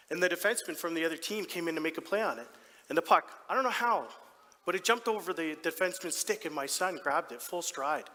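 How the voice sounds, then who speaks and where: An actor playing a doting, proud middle-aged hockey dad in a theatrical stage monologue, telling his story in an animated, heartfelt way with sudden soft drops. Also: on the high side. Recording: long theatre hall reverb.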